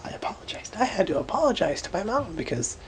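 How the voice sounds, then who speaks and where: A tired man half-whispering a late-night vlog, recounting a painful hospital night in a drowsy way with sudden lively bursts. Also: high voice, fast talker, low-quality recording. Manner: hushed, drowsy storytelling that swings from whispers to animated outbursts. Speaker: vlogger.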